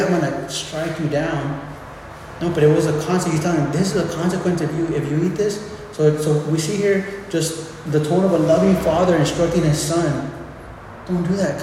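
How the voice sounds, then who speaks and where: A man preaches in a loose, conversational way, stumbling over and repeating words as he works through his point. His voice sits a little high for a man and rings out in a big, echoing hall with long reverb. A faint murmur of room ambience hangs behind him. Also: a little mellow, a little hiss or hum. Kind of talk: informal sermon.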